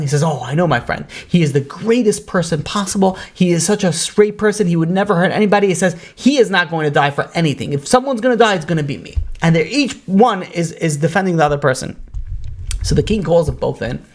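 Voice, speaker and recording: Animated storytelling rabbi, a man. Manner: animated storyteller, acts out quoted characters with rising pitch; frequent fillers like "you know, like". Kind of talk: Torah lecture storytelling.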